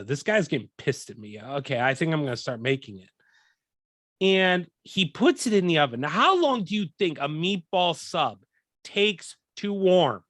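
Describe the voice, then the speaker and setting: A young man hosting a podcast, telling a profane story in a casual, animated way and acting out what people said. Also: on the high side, dry recording, studio quality. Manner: profane, animated, acts out quoted lines. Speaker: podcast host.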